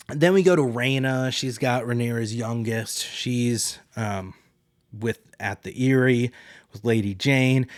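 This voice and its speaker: A man's voice: medium pitch, no room sound, clean studio sound. A young man hosting a podcast alone, chatting through a recap in a rambling way and acting out quotes. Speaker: podcast host. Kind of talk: solo casual recap.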